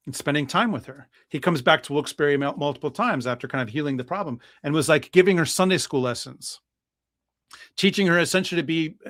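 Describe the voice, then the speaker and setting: A man, a priest, relating a history story with animated energy and frequent fillers. His voice sits a bit high and sounds dry and close, with no room echo. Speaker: guest priest.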